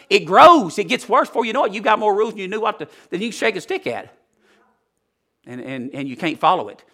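A male preacher, giving a folksy sermon that swings from loud to hushed. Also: sits high.

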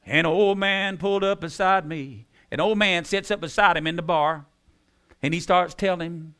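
A man preaching a sermon, repeating key phrases with emphasis and dropping into soft tones. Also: sits high, moderate pace, clean tone. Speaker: pastor.

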